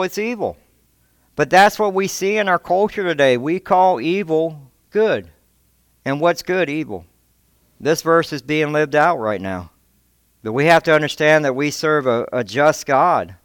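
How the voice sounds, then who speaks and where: A man's voice: animated, a little slow, no room sound. A man preaching a sermon as a pastor, impassioned, often repeating words as he builds his points. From Texas, United States. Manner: impassioned, rising in pitch and force when quoting God; repeats words and restarts phrases. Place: church.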